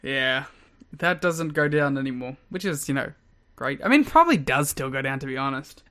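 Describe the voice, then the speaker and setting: A man co-hosting a casual podcast, cracking crude jokes and quick interjections. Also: medium pitch, animated, bright, forceful tone. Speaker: podcast co-host. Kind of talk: casual wrestling podcast chat.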